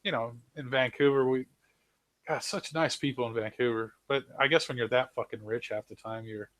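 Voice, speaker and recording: A man from New Zealand in casual chat, animated, laughing often and swearing casually. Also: medium pitch, moderate pace, dry recording. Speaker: host.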